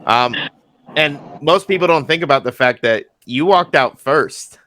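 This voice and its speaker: A man hosting an interview podcast, chatty and quick to laugh. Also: fairly high pitch, pushed and bright, a little hiss or hum. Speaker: podcast host, MMA journalist. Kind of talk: casual interview chat.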